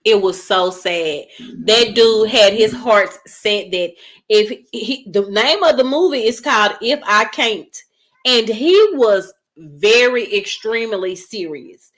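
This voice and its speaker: A woman's voice: medium pitch, slow. A woman hosting a casual movie review, retelling the plot. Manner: animated storyteller, acts out characters' lines. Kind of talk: casual spoiler recap of a movie.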